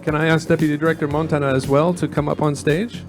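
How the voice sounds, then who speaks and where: A man's voice: on the high side, flat delivery, fast, music in the background. A man moderating an event, politely calling guests onto the stage and making announcements. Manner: polite, inviting people on stage.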